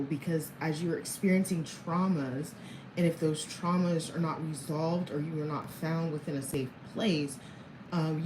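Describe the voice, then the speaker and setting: A woman in her thirties talks to her viewers in a rambling, candid way and chuckles between thoughts. Her voice sits a little low for a woman. It rings in an echoey room over faint background ambience. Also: noisy background. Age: 30s. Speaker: vlogger. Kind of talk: casual personal talk to camera.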